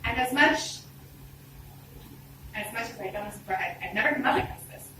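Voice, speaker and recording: Woman storyteller, expressive and chatty, self-deprecating, big echoey room, mic far off. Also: fairly high pitch, normal speed. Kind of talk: live personal storytelling. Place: live event stage. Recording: roomy hall, distant mic, background noise.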